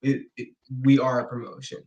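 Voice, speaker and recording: A man's voice: mid-range voice, little pitch movement, brisk, darkish tone, highs cut off. A man being interviewed as a guest, talking enthusiastically and restarting his sentences often. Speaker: guest, pro wrestler. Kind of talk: casual interview chat. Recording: echoey room.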